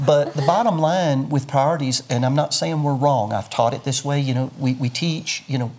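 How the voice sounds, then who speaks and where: A man's voice: mid-range voice, normal speed, a little mellow. An older man, a pastor, explaining his views earnestly in a sermon-like way during an interview. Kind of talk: interview conversation.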